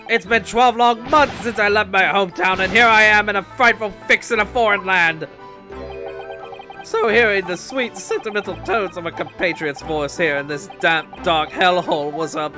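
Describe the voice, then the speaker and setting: High, booming young poet, theatrical and overwrought, game music under. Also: male voice, expressive, normal speed. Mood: indignant. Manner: theatrical, loud, alliterating outbursts. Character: excitable young Japanese man, dramatic poet student.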